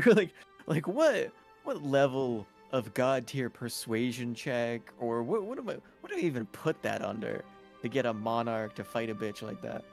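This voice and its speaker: Gravelly laughing game master, man. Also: medium pitch, expressive, moderate pace, faint music behind. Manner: laughing, swearing freely, playful. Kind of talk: casual chat after a tabletop game.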